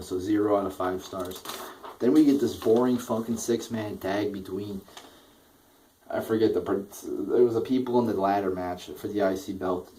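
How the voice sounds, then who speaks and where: A man's voice: lowish voice, darkish tone, far from the mic, slight background noise, poor audio. A young man ranting through a wrestling show review, exasperated, swearing constantly and repeating himself.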